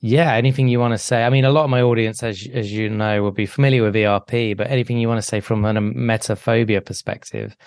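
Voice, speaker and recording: Podcast host guy, low gravelly voice, dry close sound, kinda hesitant. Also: steady tone, fast, hardly any pauses, darkish tone, dry recording. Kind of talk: conversational interview.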